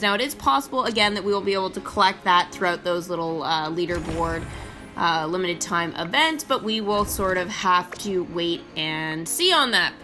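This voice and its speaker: A young woman hosting casual commentary on a mobile game, chatty and excitable, with many ums and the odd squeal of delight. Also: mid-range voice. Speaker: mobile game channel host.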